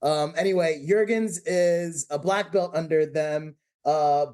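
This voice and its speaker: A man as a podcast guest, telling stories in an animated way and swearing freely. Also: a little high, a little slow, smooth. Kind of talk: casual chat.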